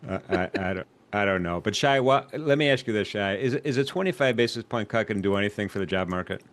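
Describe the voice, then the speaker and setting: A man's voice: on the low side, fast, a bit bright. A man co-hosting a live trading show, speaking conversationally and putting questions to the others. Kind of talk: live market discussion.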